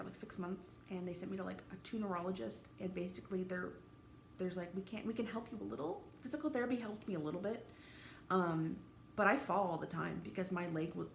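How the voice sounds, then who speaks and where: Woman, 30s, vlogger, gravelly, raw, halting, roomy room echo with faint background noise. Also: fairly low pitch. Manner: halting, candid, swears freely, emotionally raw. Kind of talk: personal vlog monologue.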